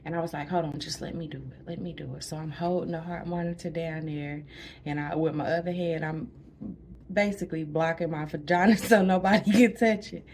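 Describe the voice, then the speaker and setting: A woman with a low voice tells her birth story in a hospital room. She is chatty, laughs often and sometimes drops to a near whisper. Faint room noise hums behind her. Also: fairly even intonation, fairly quick, darkish tone. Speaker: new mother recounting a birth. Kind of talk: casual storytelling to camera.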